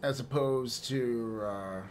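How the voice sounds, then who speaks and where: A man's voice: mid-range voice, takes it slowly, slight background noise. A man streaming and chatting casually with viewers, rambling and laughing often, with some swearing.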